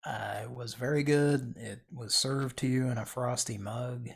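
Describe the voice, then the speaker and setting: A man's voice: medium pitch, steady tone, a little slow, vocal fry, husky. A man hosting a podcast in casual chat, rambling and restarting his sentences as he talks. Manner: rambling, chatty, trails off and restarts. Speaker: podcast host.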